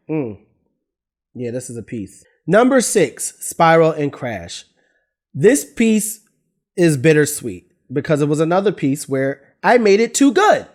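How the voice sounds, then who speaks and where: A man's voice: on the high side, a little mellow. A thirty-year-old man, an artist, talking casually and candidly about his own work, trailing off and restarting and getting emotional. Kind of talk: casual talking-head vlog.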